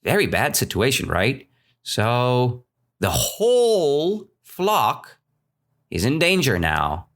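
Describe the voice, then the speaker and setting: A man's voice: medium pitch, slow. A man from Russia with a Russian accent, teaching English by telling a story and checking in with "right?" after almost every phrase. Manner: animated, keeps checking in with "right?".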